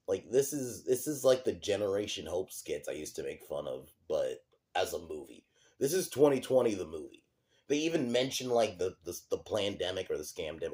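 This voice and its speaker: A man's voice: low-pitched, darkish tone. A young man giving a casual, sarcastic and profane movie review, full of fillers like "like" and "um". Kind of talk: casual ranting commentary.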